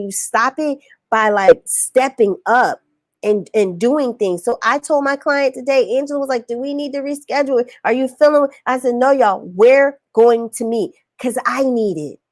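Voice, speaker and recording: A woman's voice: high-pitched, dry recording. A woman business coach giving a casual, preachy motivational live-stream talk, reading viewer comments and calling them y'all. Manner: animated, preachy, colloquial, calls audience y'all. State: recovering from illness, on antibiotics.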